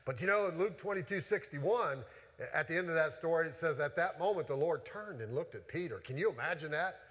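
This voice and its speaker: A man's voice: a little high, lively intonation, a little fast, fairly bright tone. A man preaching a sermon as a pastor, earnest, with many rhetorical questions and repeated restarts. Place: church sanctuary. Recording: church hall with long reverb.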